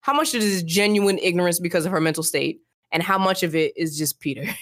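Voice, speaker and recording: An emphatic young woman co-hosting a casual podcast, her voice sitting a little low for a woman. She talks in an animated, slangy way and throws her opinions right out. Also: fast. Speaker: podcast co-host. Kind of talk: casual podcast chat, reading book passages aloud.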